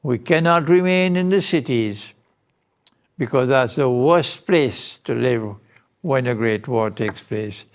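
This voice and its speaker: A man giving a lecture as a Muslim teacher, speaking in a deliberate, emphatic way. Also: mid-range voice, animated. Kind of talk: recorded lecture.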